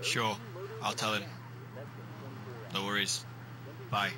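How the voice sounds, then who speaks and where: A casual young British flatmate passes on a message, as a man puts on the voice. He speaks low and monotone, offhand. A crowd hums behind. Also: slow pace. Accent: put-on British.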